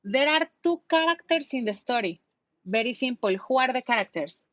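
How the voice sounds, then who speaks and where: A patient woman leads an online English lesson, explaining words and asking her students questions. Her voice is fairly high. The sound is dry and close to the microphone. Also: expressive, normal speed, a bit bright, dry recording. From Mexico. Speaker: English teacher.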